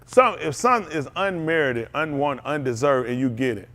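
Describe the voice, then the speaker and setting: A middle-aged man, preaching an animated sermon as pastor, laughing and calling out to the congregation. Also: fairly high pitch, a little fast. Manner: animated preaching with laughs and audience call-outs.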